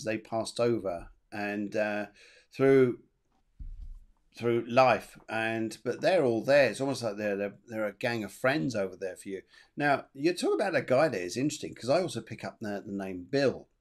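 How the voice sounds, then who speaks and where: A man's voice: on the low side, normal speed. A man hosting a live online psychic show, giving readings and chatting about viewer messages in a rambling way with many fillers. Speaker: medium and show host.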